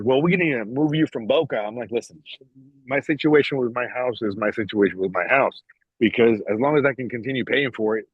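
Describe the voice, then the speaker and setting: A man's voice: medium pitch, slightly rough, no echo, phone-quality sound. A man in a casual podcast chat, telling a rambling, profane story and acting out what others said to him. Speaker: podcast guest.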